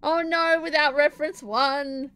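A woman's voice: sits high, fairly even intonation, a little slow, bright, forceful tone. A young woman with an Australian accent, chatting casually and giggling as she streams from home, answering her chat while she plays and draws.

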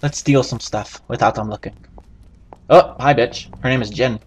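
A man giving profane, excitable let's play commentary, yelping and laughing at the game. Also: mid-range voice, normal speed, slight background noise. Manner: profane, excitable, yelps and laughs while playing. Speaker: gaming channel host.

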